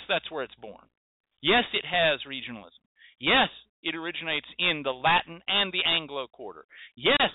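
A male host delivers an emphatic lecture and drives his points home with repetition. His voice sits a little high. The sound is narrow and tinny, like a phone line, and completely dry. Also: no room sound. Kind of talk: lecture-style monologue.

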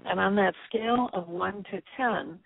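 A woman guest on a radio interview, calmly explaining step by step over a tinny phone line. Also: mid-range voice, moderate pace, vocal fry, husky, no room sound. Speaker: guest expert.

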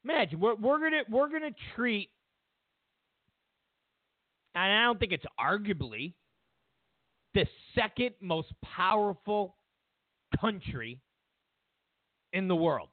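A man's voice: sits high, big pitch swings, slow pace, long pauses, no echo. Sarcastic man ranting on a tinny line. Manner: sarcastic, mocking, acts out voices of others. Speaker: talk show host. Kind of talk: ranting political commentary. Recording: dry, phone-like lo-fi sound.

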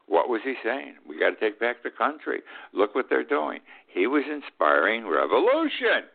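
A man in his eighties hosts a political commentary show from Key West, his medium-pitched voice sing-song and moderately paced. He's blunt and indignant, often repeating himself, and the audio sounds tinny, like a phone line.

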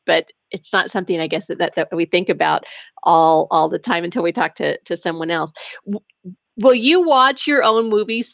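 A woman's voice: on the low side, creaky, no room sound. An American woman hosting an interview, asking questions with hesitant, stumbling restarts. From United States. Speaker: interview host.

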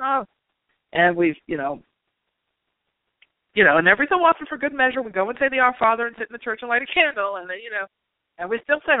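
Over a tinny, dry phone line with no echo, a man whose voice sits high speaks animatedly and fairly quickly. As a spiritual reader hosting his own talk show, he keeps things casual, often saying "you know" and "like."

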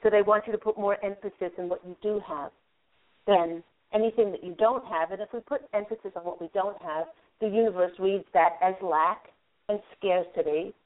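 A woman's voice: medium pitch, normal speed. Woman host on a tinny phone line. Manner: soothing, guiding, talks listener through a visualization. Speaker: radio show host and angel card reader. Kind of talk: call-in card reading and spiritual guidance. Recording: narrow phone-line sound.

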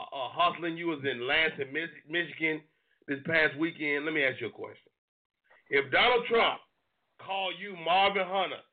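A man's voice: on the high side, narrow, tinny audio. A man hosting a live call-in show, chatting loosely with a comedian guest and pushing back on his points. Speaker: radio show host. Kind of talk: call-in radio interview.

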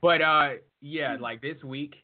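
Laid-back man on a phone-like line. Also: on the high side. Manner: laid-back, slow and relaxed. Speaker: podcast host. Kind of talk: casual chat.

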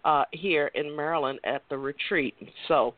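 A woman hosting a casual talk show, telling stories in an animated way and laughing often. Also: sits low, moderate pace, no room sound. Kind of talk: casual chat. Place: Maryland. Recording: tinny dry phone line.

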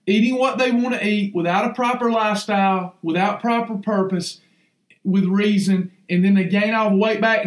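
A man's voice: high-pitched, reverberant. A man preaching fervently as a podcast host, folksy and emphatic, repeating lines for effect. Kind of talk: fiery preaching on weight loss.

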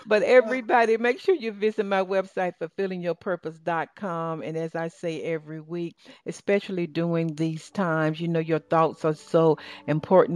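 A woman with a Southern accent hosting an interview podcast, speaking in a warm, effusive and inspirational way. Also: lowish voice, fairly even intonation, moderate pace, hardly any pauses, faint music behind. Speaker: host.

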